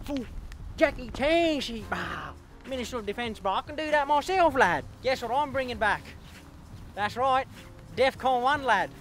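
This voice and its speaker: Man doing a brash Aussie eshay lad, cocky slang, high-pitched, sharp bright tone, faint music under. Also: exaggerated voice. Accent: Australian. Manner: cocky slangy swagger, ends lines with bruh and lad. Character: brash young male eshay street lad as prime minister. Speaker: comedy sketch creator. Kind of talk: comedy sketch character.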